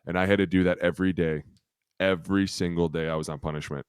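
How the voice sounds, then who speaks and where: A former lineman in his thirties tells his story on a podcast, his low voice rich and clean. He swears casually and rambles from one detail to the next, close to a dry studio mic. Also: steady tone, quick pace, smooth, no echo. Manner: profane, blunt, rambling anecdotes.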